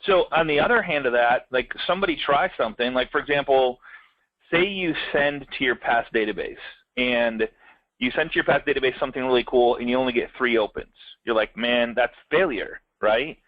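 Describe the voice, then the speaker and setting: A man co-hosting a casual business talk, telling lively stories and acting out little quoted voices. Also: medium pitch, a little fast, no room sound. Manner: animated storyteller, acts out quotes. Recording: dull lo-fi, dry.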